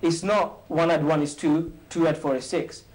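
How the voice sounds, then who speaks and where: A man hosting and teaching an informal maths lesson, quizzing a few students with quick questions and joking as he goes. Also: on the high side, fairly even intonation, a little mellow, low-quality recording. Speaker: maths teacher and show host.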